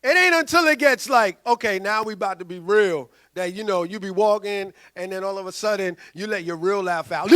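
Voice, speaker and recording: High-voiced, bright man preaching animatedly. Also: a little fast, hardly any pauses. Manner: animated, acts out quoted voices, loud bursts. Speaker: pastor. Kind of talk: sermon.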